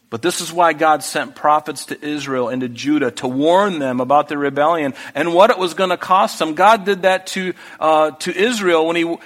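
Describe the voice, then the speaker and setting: A man's voice: on the high side, a bit bright. A man preaching a sermon as a pastor, earnest and conversational, with restarts and asides. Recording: long hall reverb.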